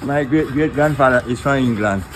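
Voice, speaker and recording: A man speaking Jamaican Patois, telling animated stories about his family in a casual street interview. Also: medium pitch, fairly quick, background noise.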